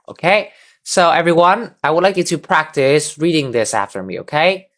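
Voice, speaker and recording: A man's voice: fairly high pitch, lively intonation, normal speed, fairly bright tone. A man teaching an English class over a video call, patiently drilling words and having students repeat them. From Vietnam. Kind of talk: online class instruction.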